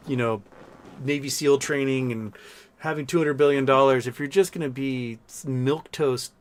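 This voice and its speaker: Blunt, profane male live-stream host. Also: medium pitch. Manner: reads viewer chat messages aloud. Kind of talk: casual live stream chat.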